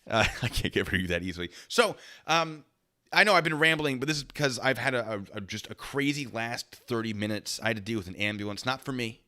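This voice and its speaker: A man's voice: medium pitch, lively intonation, fast, sharp tone. A man hosting a casual livestream, rambling and thanking donors by name. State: a little out of breath. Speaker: livestream host.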